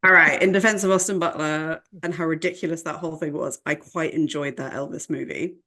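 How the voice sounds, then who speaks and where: A woman's voice: sits low, fairly even intonation, a little fast, pushed and bright. A woman co-hosting a casual film podcast, teasing and laughing easily. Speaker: podcast co-host.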